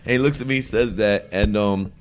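A man telling stories as a podcast guest in a bar, animated, laughing often and swearing freely. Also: on the low side, a little fast, background noise. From Brooklyn, New York. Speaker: guest actor. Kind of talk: casual podcast storytelling.

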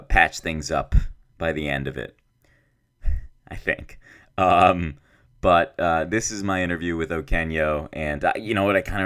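A man's voice: a bass voice, a bit bright. A man hosting a podcast, talking in a rambling, self-deprecating, joking way. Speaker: podcast host. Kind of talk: casual podcast intro and interview. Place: office.

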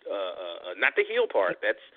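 A man co-hosting a wrestling talk show, chatting excitedly and rambling with many restarts. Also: low voice, moderate pace. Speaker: podcast co-host. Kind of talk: casual wrestling chat. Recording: phone-line audio.

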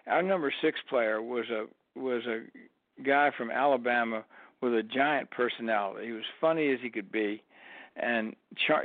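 A mid-range male voice on a dry, phone-like line belongs to an older retired college tennis coach. As an interview guest, he's an animated storyteller who acts out the quotes in his tales.

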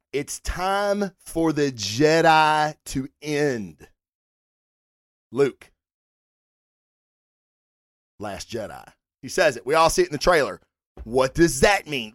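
A fan-show host rambles through a casual livestream, answering viewers in chat as he goes. The talk is animated and full of swearing, and the pitch swings up and down with energy. The sound is close and dry. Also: takes it slowly, long pauses, dry recording.

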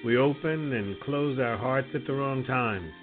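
Slow, reflective man over faint music. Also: medium pitch. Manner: measured, contemplative delivery. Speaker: radio personality. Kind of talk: reflective spoken essay. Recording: phone-like line with faint music.

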